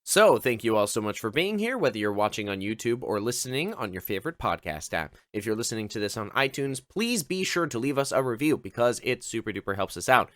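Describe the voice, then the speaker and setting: A man's voice: mid-range voice, very animated, brisk, hardly any pauses, fairly bright tone, no echo, clean studio sound. A man narrating as game master in a casual tabletop game, swearing and laughing easily.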